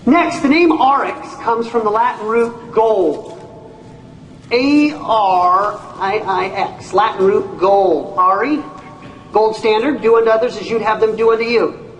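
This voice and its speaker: A man, a company CEO, giving an animated training talk to an audience, telling stories and acting out people's reactions with folksy exclamations. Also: high-pitched, a little slow, slight background noise. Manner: storytelling, acts out voices, folksy exclamations. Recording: echoey room, speaker far from mic.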